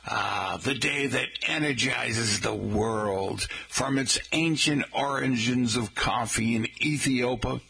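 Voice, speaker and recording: Male radio host, casual and rambling, raspy gravel at the bottom of his voice. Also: medium pitch, sharp tone. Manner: rambling, folksy, chatty asides to listeners.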